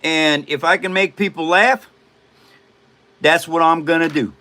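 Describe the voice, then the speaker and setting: A man's voice: on the high side, fairly even intonation, a little slow, pushed and bright. A man in his seventies hosting a casual livestream, joking and rambling with frequent laughs. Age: 70s. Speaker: livestream host.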